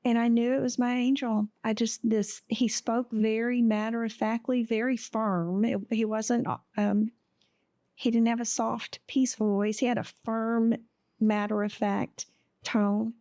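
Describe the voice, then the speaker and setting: Gravelly woman telling her story slowly. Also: a little high, little pitch movement, dark tone, no echo, studio quality. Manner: halting and emotional, with many pauses and fillers. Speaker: podcast guest. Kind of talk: telling a personal story in an interview.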